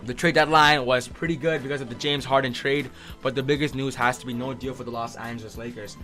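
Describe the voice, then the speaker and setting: A young man hosting a live sports stream, reacting excitedly and answering chat by name. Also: mid-range voice, fast talker, soft background music. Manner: excitable, reads chat names aloud.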